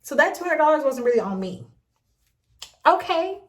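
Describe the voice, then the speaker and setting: A woman's voice: high voice, moderate pace. Sassy young woman telling a story. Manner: sassy, animated storytelling with laughs and asides. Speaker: vlogger. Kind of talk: storytime vlog.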